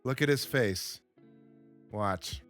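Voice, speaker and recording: Man, English teacher, very slow deliberate delivery, repeats key words, excited reactions, faint guitar music underneath. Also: mid-range voice. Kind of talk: slow, simple English lesson over game footage.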